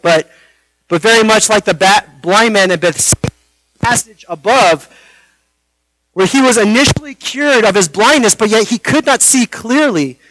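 High, bright-voiced male preacher. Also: low-quality recording. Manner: earnest preaching with dramatic pauses and rhetorical questions. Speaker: pastor. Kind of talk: sermon.

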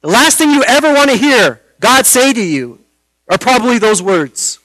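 A man preaching a sermon, earnest, with dramatic pauses and rhetorical questions. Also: very high voice, big pitch swings, bright, forceful tone, dry recording, low-quality recording. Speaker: pastor.

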